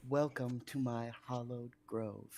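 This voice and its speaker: Brief: a slow, solemn ancient female nature spirit, played by a man, soft whispered edges. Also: mid-range voice, fairly even intonation, vocal fry.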